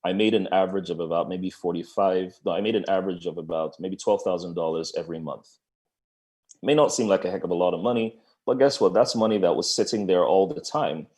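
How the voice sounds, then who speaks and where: A man with a very low voice gives a business coaching talk over a video call. His delivery is conversational and lively, and he drops in playful asides. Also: fairly quick. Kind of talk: webinar presentation.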